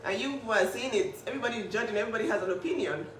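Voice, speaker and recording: A woman's voice: a little high, very fast, a little hiss or hum. Woman ranting for her little sister, kinda far from the mic in a roomy space. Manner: emphatic, indignant, repeats herself. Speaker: big sister speaking up for her sibling. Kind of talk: emotional vlog talk. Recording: echoey room, mic at a distance.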